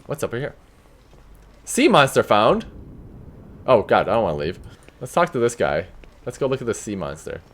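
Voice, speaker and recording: A man's voice: lowish voice, big pitch swings, fast. Chatty man commenting on a game. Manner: chatty, laughs often. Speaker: let's play host. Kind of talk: casual gameplay commentary.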